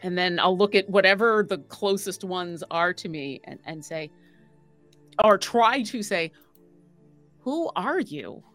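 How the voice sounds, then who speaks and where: A woman's voice: on the low side, unhurried, a bit bright, faint music behind. A woman playing in a tabletop game, speaking eagerly in and out of character and often repeating words as she goes. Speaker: player. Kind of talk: casual in-character play.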